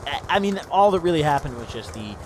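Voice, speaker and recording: Young male gaming host, animated, higher-pitched and profane, with gunfire behind. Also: fast talker, heavy background noise. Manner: profane, rambling, says "dude" constantly. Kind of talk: casual storytime over gameplay. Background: game gunfire and vehicles.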